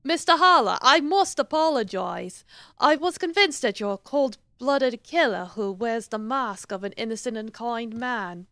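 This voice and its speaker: A woman doing a suave male professor-detective from a mystery game, who speaks formally and politely in a shaky mock-British accent. His high, lively voice rises and falls with sly courtesy. Dry close mic with faint game music behind. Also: a little slow, dry recording. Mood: courteous, sly.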